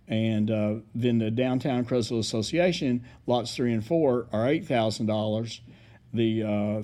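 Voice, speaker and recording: Man, council report, mellow, halting delivery full of uhs. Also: medium pitch. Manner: rambling, hesitant, many fillers. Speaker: city official giving council report. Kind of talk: public meeting report.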